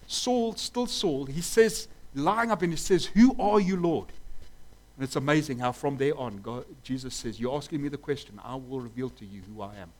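A man's voice: a little high, poor audio. A man preaching a sermon fervently, asking rhetorical questions and stressing his points.

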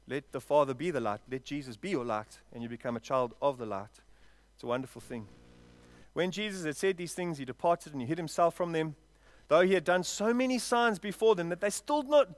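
A male pastor preaching to a congregation, swinging between loud, drawn-out lines and quiet asides and asking the listeners questions. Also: fairly high pitch, no echo. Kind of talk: sermon. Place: church, before a congregation.

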